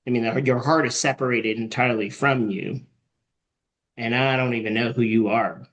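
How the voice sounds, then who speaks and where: A man's voice: medium pitch, fairly even intonation, moderate pace, fairly bright tone. A man giving feedback in a casual writing workshop, thinking aloud with frequent restarts and fillers. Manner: thoughtful, rambling, many restarts. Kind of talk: casual discussion.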